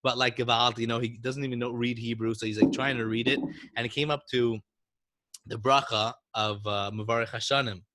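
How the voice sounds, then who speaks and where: A man's voice: mid-range voice, flat delivery, a little fast, bright, forceful tone, no room sound. A man co-hosting a podcast, casually chatting and telling a story with lots of animation and frequent laughter. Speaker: podcast co-host.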